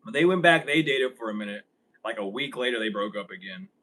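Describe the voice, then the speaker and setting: A man's voice: on the low side, lively intonation, fast talker, sharp tone, low-quality recording. A young man vlogging a casual story. He rambles, swears freely and laughs often as he talks.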